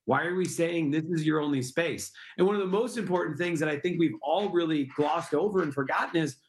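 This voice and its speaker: Here the guest is a middle-aged man who founded a park project, earnestly describing it in interview answers full of rhetorical questions. His voice is brisk and a little high.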